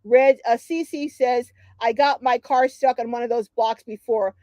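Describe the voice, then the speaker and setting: Animated middle-aged woman hosting a livestream. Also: fairly high pitch, a little slow, dry recording. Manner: animated storyteller, acts out quotes, laughs often. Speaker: host of a livestream. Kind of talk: casual livestream chat, telling a story and reading comments.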